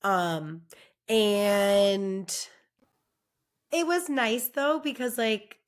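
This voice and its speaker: A woman's voice: medium pitch, extremely slow. A young adult woman co-hosting a podcast, chatting casually and telling stories with lots of fillers, her voice worn from lack of sleep. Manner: chatty, storytelling, says like a lot. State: lost her voice from not sleeping. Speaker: podcast co-host. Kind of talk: casual chat.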